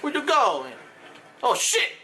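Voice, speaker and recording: A man's voice: extremely high pitch, huge pitch swings, takes it slowly, bright, forceful tone. A man giving comedic, profane gameplay commentary, sometimes in a mock Italian accent. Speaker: video creator.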